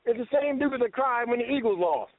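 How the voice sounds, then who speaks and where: Man, high voice, lively, emphatic banter, dry, phone-like sound. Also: brisk, no room sound. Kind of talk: casual radio talk.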